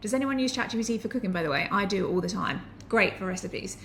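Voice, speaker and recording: A woman's voice: medium pitch, lively intonation, quick pace, fairly bright tone, slight background noise. A woman, teaching to camera in a chatty, enthusiastic way with anecdotal asides. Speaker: online business educator.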